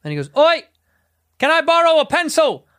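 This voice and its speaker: Man doing a cheeky British guy, bad accent, shouting, high. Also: very animated, rapid-fire, dry recording, clean studio sound. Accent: British, put on badly. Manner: shouting loudly.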